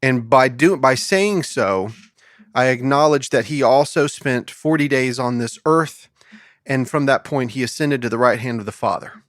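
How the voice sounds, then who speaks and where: A man hosting a podcast, reading scripture aloud slowly and asking his guest questions in a casual Bible study conversation. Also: medium pitch, a bit bright, no echo, clean studio sound. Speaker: podcast host.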